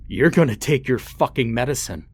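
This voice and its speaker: A man's voice: on the low side, unhurried, breathy edge. A man voicing a roaring, abusive father. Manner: roaring, cursing, menacing. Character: violent, raging, abusive adult father.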